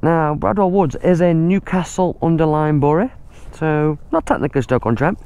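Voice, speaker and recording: A man's voice: on the high side, animated, moderate pace, a little mellow, dry recording. A man, out of breath, giving chatty running commentary while riding an e-bike through muddy woods outdoors. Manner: chatty, exclaims at the mud.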